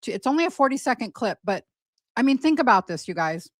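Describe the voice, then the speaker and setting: A woman's voice: a little high, big pitch swings, quick pace, no echo. A woman hosting a casual gossip livestream, talking in a chatty, rambling way full of fillers. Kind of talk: casual live commentary.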